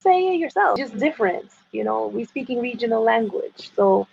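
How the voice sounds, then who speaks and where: A woman guest in a casual chat who talks in halting bursts with many restarts and likes to tease. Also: on the high side, animated, creaky, a little mellow, slight background noise. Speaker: interview guest. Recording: dull lo-fi sound.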